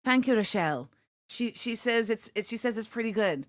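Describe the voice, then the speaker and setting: A woman hosting a casual livestream, chatting with viewers. She jumps between loud, excited exclamations and quiet muttering to herself. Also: on the high side, moderate pace, no room sound, studio quality. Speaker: host.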